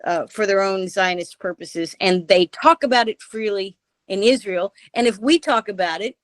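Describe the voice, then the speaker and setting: Heard via remote call audio with no room sound, a woman with a medium-pitched voice speaks at a moderate pace. As a guest on a radio interview, she gives impassioned political commentary punctuated by emphatic rhetorical questions.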